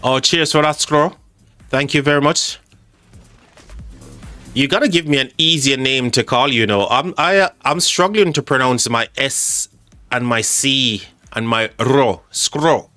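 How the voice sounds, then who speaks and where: A man's voice: medium pitch, measured pace, pushed and bright, no echo. A man hosting a live game stream, chatty and joking with his chat, calling people mate. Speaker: livestream host. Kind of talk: casual live game commentary. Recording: faint music behind the voice.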